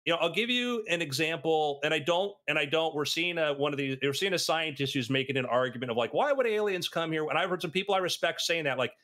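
A man's voice: quick pace, hardly any pauses. A man in casual podcast chat, telling anecdotes and acting out the people he quotes. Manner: animated storyteller, acts out quotes with big pitch jumps.

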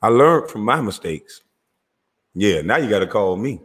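A man with a Southern US accent hosting his own show in a loud, animated, profane rant, often laughing as he talks. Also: fairly low pitch, normal speed, breathy edge, in a large hall. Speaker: show host.

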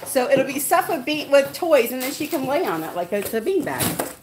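A woman's voice: high-pitched, sing-song, normal speed. Woman, pet-channel host, live stream. Sing-song, gushing, with a lot of melody. Noisy recording. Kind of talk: casual live-stream chat.

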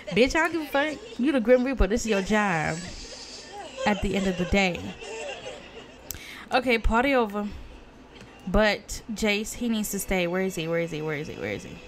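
A woman talks over her game in casual commentary at a middle pitch. She is excitable and profane, gasping and exclaiming at what happens on screen. A faint hiss of noise sits under her voice. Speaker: let's play gamer.

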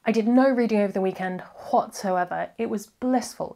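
A woman reviewing books in a casual, chatty vlog, rambling with quick asides and self-corrections. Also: medium pitch, warm tone. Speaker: book reviewer.

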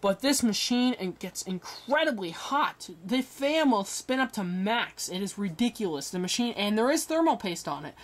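A man's voice: sits high, very animated, moderate pace, hardly any pauses. A teenage young man casually walking through a rebuilt computer, rambling and correcting himself as he goes. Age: teens. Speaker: hobbyist showing a rebuilt computer. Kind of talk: casual show-and-tell.

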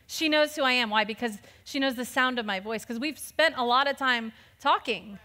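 A woman pastor giving a lively, conversational sermon, laughing often as she preaches. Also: fairly high pitch, normal speed, in a large hall.

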